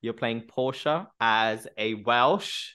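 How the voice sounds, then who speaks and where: Podcast host, mid-pitched voice, upbeat, encouraging, quiz-game patter. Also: slow pace, a bit bright, clear, resonant tone. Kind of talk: game-style quiz presenting.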